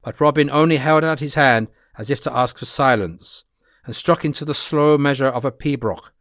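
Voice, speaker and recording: A man reading a classic adventure novel aloud as an audiobook narrator, with a plain, steady delivery. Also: medium pitch, moderate pace, no echo, studio quality.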